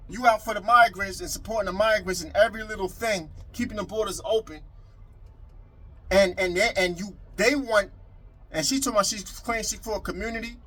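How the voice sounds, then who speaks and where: A man's voice: high voice, sharp tone, rough recording. A man delivering a heated political rant to the camera, repeating himself and calling out his critics directly. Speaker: video commentator.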